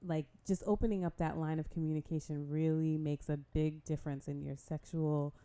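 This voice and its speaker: Woman co-host, slightly low pitch, chatty, warm banter, laughs a lot. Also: steady tone, normal speed, clean tone. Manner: laughs often, chatty and encouraging. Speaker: podcast co-host. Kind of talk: casual podcast chat.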